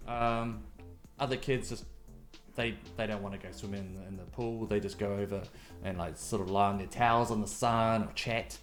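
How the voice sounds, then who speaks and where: A man's voice: on the low side, fairly even intonation, normal speed. A man acting as game master for a tabletop role-playing game, telling the scene in a loose, meandering way full of fillers. Faint music plays under his voice. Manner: rambling, descriptive, loose storytelling with fillers.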